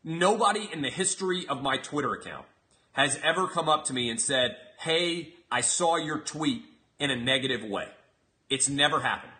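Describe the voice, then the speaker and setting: A man's voice: medium pitch, expressive, brisk, sharp tone. A man hosting a comedic commentary show, ranting in a brash, profane, mocking way. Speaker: show host.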